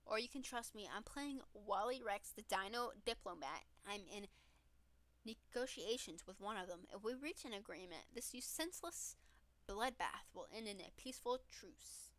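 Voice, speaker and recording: A woman voicing a smug, aloof young vampire who speaks in a calm, lofty way. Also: medium pitch, moderate pace, dry recording, lightly acted.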